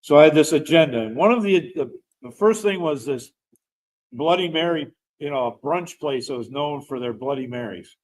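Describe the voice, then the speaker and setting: A man's voice: a little high, moderate pace, rough recording. Middle-aged man telling a story. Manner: rambling, animated storyteller who laughs while talking. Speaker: veteran guest telling a personal story. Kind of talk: casual storytelling.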